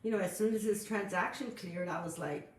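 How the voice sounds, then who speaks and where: A woman in a casual chat, telling animated stories and saying "you know" often. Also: medium pitch, brisk. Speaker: podcast co-host. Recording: echoey room, far from the mic.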